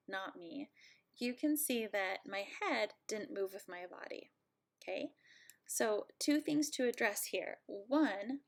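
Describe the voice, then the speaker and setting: A woman instructor at home, giving a friendly, playful software tutorial walkthrough and joking about herself. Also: medium pitch.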